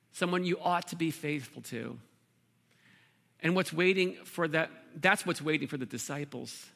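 A man preaching a sermon as pastor, earnest, with pauses and repeated words. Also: a little high, gravelly, bright, forceful tone.

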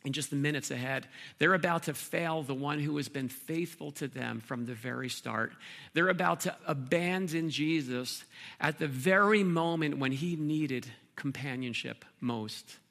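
Male pastor, sermon delivery, bright forceful tone, gravelly texture. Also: a little high. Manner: earnest preaching with pauses and repeated words.

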